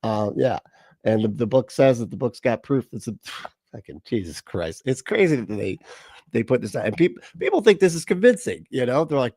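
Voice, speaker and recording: A man's voice: mid-range voice, very animated, moderate pace, a little mellow, no echo, studio quality. A man hosting a livestream, reacting in casual, sarcastic commentary with plenty of swearing and rambling asides. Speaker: livestream host.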